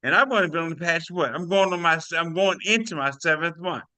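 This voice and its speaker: Older guy on a video call, bright voice, dry sound, hyped testimony, keeps saying y'all. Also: fairly high pitch, a little fast, dry recording. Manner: animated, preachy, addresses listeners as y'all. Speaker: testimonial speaker.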